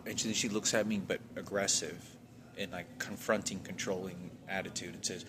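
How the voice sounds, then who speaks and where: A man's voice: sits low, level tone, normal speed, noisy background. A man from Texas venting in a rambling, agitated monologue with heavy swearing, trailing off often.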